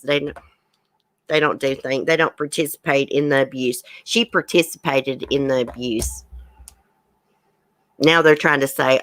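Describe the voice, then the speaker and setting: A woman with a deep, fairly bright voice hosts a true crime commentary livestream, recorded with no echo. She reads news items aloud, then gives her chat viewers blunt, outspoken opinions.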